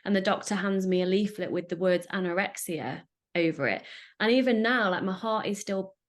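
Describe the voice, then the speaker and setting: A woman's voice: medium pitch, normal speed. A woman host telling a personal story in an earnest, emotional way. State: getting emotional. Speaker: podcast host.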